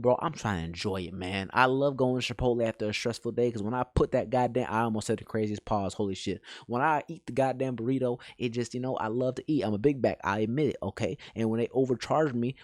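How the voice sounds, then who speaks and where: A young man streaming live, ranting in an animated, profane, exasperated way. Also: medium pitch, dry recording, studio quality. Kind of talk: live-stream reaction rant.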